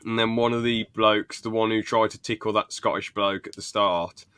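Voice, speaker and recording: Young bloke rambling about tv scenes, smooth lowish voice, dry sound. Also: male voice, fairly even intonation, moderate pace, bright, forceful tone, no room sound. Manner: rambling, laughs while retelling scenes. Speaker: podcast co-host. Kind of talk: casual chat recapping a sitcom.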